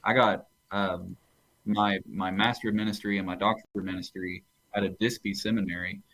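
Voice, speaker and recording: Low-voiced pastor telling stories. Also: male voice, little pitch movement, moderate pace, a bit bright, low-quality recording. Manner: rambling storyteller who restarts phrases. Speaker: pastor and podcast guest. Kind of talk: casual theological conversation.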